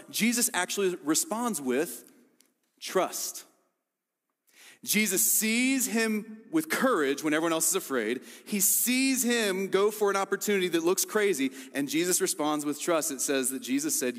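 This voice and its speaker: Pastor, male, slightly high voice, animated sermon delivery with acted-out quotes, long reverb tail.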